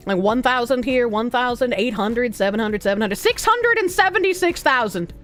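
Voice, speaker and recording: A young woman with a Boston accent riffs through a live reaction stream in a high, bright-pitched voice. Her talk is crude, sarcastic and rambling, full of swearing and side jokes. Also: animated, normal speed, soft background music.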